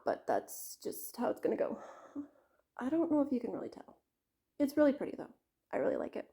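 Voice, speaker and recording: A woman's voice: on the high side, wildly swooping pitch, a little fast, pauses often, warm tone. Chatty rambling woman vlogger. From Canada. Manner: rambling, chatty, self-interrupting with fillers and asides. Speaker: craft vlogger. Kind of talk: casual chat to camera.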